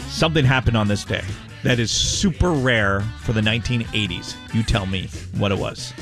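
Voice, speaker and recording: A man's voice: fairly low pitch, normal speed, over music. A man hosting a sports radio show who quizzes his co-host with trivia and teases him. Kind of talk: casual sports talk.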